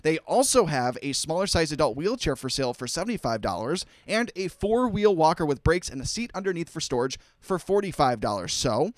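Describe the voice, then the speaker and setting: A man co-hosts a local radio buy-and-sell show, reading listings and phone numbers into a studio microphone. His voice sits a little high and swings widely in pitch. The sound is dry and close. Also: very animated, normal speed, no room sound. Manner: playful, joking banter between listings. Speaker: radio co-host.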